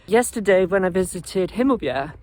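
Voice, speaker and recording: A woman's voice: fairly low pitch, expressive, normal speed, darkish tone. A woman narrating a casual walking vlog outdoors in a chatty, wry, easily amused way. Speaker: travel vlogger. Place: outdoors, walking through countryside.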